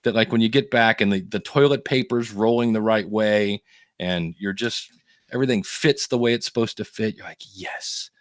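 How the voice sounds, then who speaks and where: A man hosting a podcast, telling animated stories in casual chat and acting out the people he quotes. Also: lowish voice, moderate pace, no echo, clean studio sound. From United States. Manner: animated storyteller, acts out quoted voices. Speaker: podcast host.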